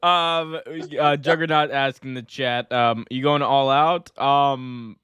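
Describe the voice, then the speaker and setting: A man hosting a casual podcast, ranting and joking in an animated way. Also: mid-range voice, slow pace, clean tone, dry recording, highs cut off. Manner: animated, joking rants with mock voices. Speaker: podcast host. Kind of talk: casual chat.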